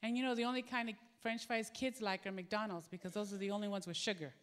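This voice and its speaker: A woman's voice: medium pitch, steady tone, fast talker. A middle-aged woman preaching a sermon, candid and earnest, telling stories. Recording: echoey hall.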